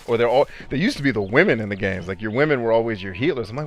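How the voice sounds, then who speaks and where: A man casually chatting with viewers on a live game stream, animated, laughing often and swearing freely. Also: medium pitch, very fast. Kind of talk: casual live-stream chat while gaming.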